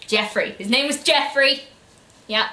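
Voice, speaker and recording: A woman's voice: sits high, unhurried, bright, forceful tone. A woman ranting sarcastically about a book in a casual review, full of fillers. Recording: echoey room.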